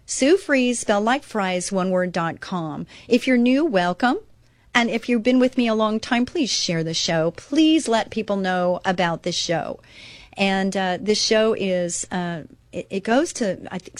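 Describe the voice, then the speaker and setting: A woman's voice: mid-range voice, dry recording. Middle-aged lady radio host, faith talk, earnest and chatty, dry studio sound. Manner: chatty, earnest, reads scripture aloud with emphasis. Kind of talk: devotional talk radio monologue.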